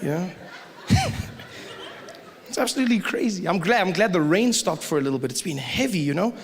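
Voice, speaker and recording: A man doing a stand-up comedy set, animated and joking, slipping into quick put-on voices. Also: high-pitched. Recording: live hall recording with audience noise.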